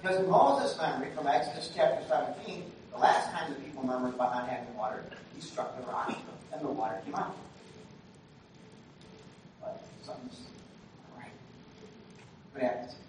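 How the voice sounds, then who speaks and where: Preaching in a chatty manner, a man swings from quiet remarks to loud emphatic moments, recorded far away in a church hall full of echo and faint noise. He's a pastor with a medium-pitched voice, a moderate pace, and frequent pauses.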